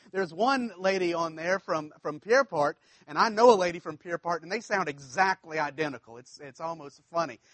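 High-voiced South Louisiana preacher. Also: male voice, fairly bright tone, no echo. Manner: conversational storytelling, folksy asides. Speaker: pastor. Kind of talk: sermon.

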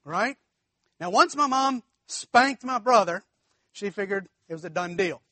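A man's voice: high voice, lively intonation, a little slow, pushed and bright, dry recording. A man preaching a storytelling sermon, folksy and chuckling, talking straight to the congregation.

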